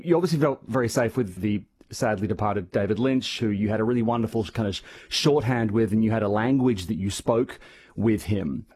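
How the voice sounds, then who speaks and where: A man with a fairly low, husky voice conducting an interview. He lays out long questions that wind through several clauses before landing. The sound is plain and close. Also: darkish tone.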